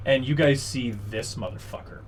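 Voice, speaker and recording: A man's voice: medium pitch, normal speed, a little hiss or hum. A man running a tabletop game as dungeon master, patiently explaining the rules and narrating the scene, with many fillers along the way.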